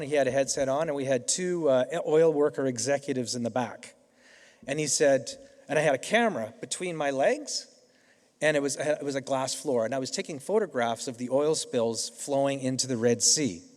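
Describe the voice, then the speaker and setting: Middle-aged man, convocation keynote, anecdotal and conversational, medium pitch, long hall reverb. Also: darkish tone. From Canada. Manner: storytelling, conversational with frequent restarts. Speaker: keynote speaker. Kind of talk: convocation speech. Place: large hall.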